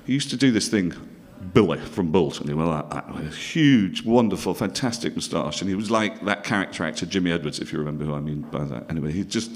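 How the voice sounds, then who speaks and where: A middle-aged man from northern England delivers a stand-up story in a dry, self-mocking way. His voice swings widely in pitch as he drops wry asides to the crowd. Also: animated, fast, few pauses. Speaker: comedian.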